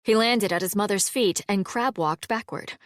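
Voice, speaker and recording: A woman narrating a cozy fantasy audiobook in an even, measured way. Her voice sits at a middle pitch and is recorded close and dry, with no room sound at all. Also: no room sound.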